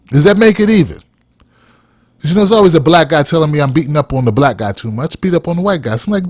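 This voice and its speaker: A man's voice: fairly high pitch, expressive, quick pace, no echo, clean studio sound. Fired-up man ranting with heavy cursing. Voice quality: blunt, heated, heavy cursing. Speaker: podcast host. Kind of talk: profane opinion rant.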